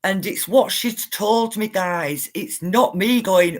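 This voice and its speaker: A woman's voice: medium pitch, slow. A middle-aged woman, earnestly telling viewers an emotional story and insisting that it is true. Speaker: spiritual livestreamer.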